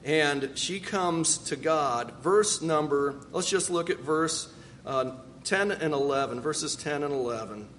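A man's voice: a little high, measured pace, a bit bright, slight background noise. A male pastor preaching a sermon, reading scripture aloud and then explaining it.

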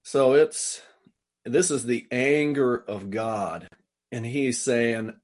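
A man's voice: medium pitch, takes it slowly, darkish tone. A man preaching a sermon, reading scripture and paraphrasing it with earnest, rising intensity. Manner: earnest, voices God's lines with rising intensity. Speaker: pastor.

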